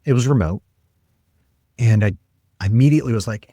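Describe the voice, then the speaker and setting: Earnest low-voiced man telling work stories. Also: a little fast, dry recording, studio quality. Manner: energetic, earnest, acts out quoted lines. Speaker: guest, tech leader. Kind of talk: conversational podcast storytelling.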